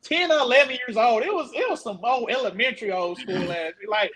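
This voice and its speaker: A man's voice: very high-pitched, animated, a little fast, a crowd in the background. A man in his twenties in casual podcast chat, rambling and full of fillers. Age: 20s. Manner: rambling, full of fillers like "you know what I'm saying".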